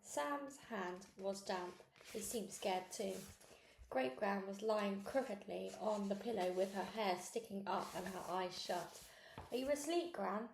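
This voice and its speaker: A woman reading a children's novel aloud in steady, clear narration. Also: medium pitch, measured pace, roomy sound, slight background noise. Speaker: storybook reader.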